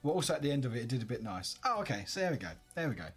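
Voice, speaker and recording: A man's voice: mid-range voice, big pitch swings, rapid-fire, faint music behind. A tired man chatting casually on a live stream, upbeat and greeting his viewers by name.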